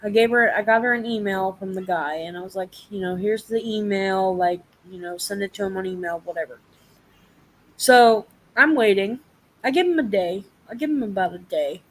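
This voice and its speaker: Speaking at a moderate pace in a mid-range voice, a young woman spins a profane, lively tale during a relaxed live chat. She curses without holding back and acts out everyone she quotes, all on a rough-sounding recording.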